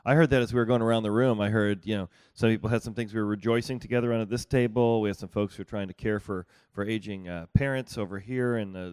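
A man's voice: on the low side, a little mellow, clear, resonant tone, no room sound. A man leading a live group workshop, talking conversationally and often repeating and restarting his phrases, with a dry, close sound. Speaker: workshop leader. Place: room with small groups at tables.

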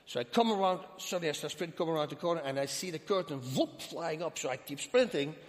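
Man, Dutch accent, animated storyteller, voices the dialogue, reverb-heavy room. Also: fairly high pitch, fast talker. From Netherlands. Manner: animated, acts out quoted dialogue. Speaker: interview guest. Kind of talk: storytelling in a sit-down interview. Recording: long hall reverb.

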